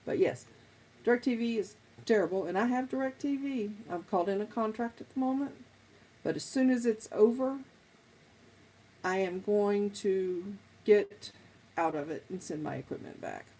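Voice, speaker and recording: A woman's voice: mid-range voice, measured pace, mellow, low-quality recording. Chatty woman, rambling. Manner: rambling, chatty, drifting between topics. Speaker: streamer chatting with viewers. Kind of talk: casual live chat.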